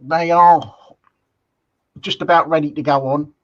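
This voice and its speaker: A man's voice: a little high, steady tone, a little slow. A man co-hosting a live stream, chatting casually with dry, understated one-liners. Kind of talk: casual chat. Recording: dull lo-fi sound.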